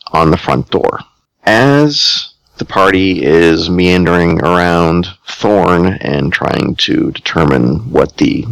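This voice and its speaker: A man running a tabletop game, narrating very slowly in a lowish, smooth voice. He picks his words with care, pausing on ums and restarting phrases. The sound is dry and close, with no room around it. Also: a bit bright, dry recording, low-quality recording. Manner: deliberate, hesitant narration with many ums and restarts. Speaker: game master.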